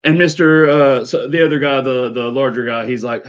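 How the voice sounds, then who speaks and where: A man's voice: mid-range voice, normal speed, few pauses, highs cut off. A man narrating as a tabletop game master, rambling with many fillers.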